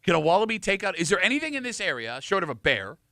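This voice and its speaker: A man hosting a radio show, teasing his co-hosts in fast, animated banter from a studio mic. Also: high voice, creaky, dry recording. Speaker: radio host. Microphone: studio microphone.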